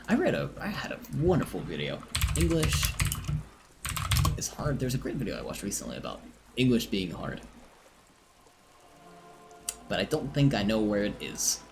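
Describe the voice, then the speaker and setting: A game streamer chatting casually on a live stream, self-mocking and quick to laugh, between stretches of reading game text aloud. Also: mid-range voice, slight background noise.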